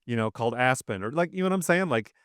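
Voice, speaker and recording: A man's voice: medium pitch, animated, fast, a bit bright, clean tone, no echo, studio quality. A man from Wisconsin with a Midwestern accent, co-hosting a podcast and telling stories in a casual, enthusiastic chat. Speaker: podcast co-host.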